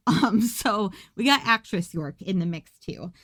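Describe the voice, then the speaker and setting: A woman's voice: mid-range voice, expressive, unhurried, a bit bright, no room sound. A woman hosting a podcast, recapping a movie in a casual, rambling way with profane jokes and asides. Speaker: podcast host.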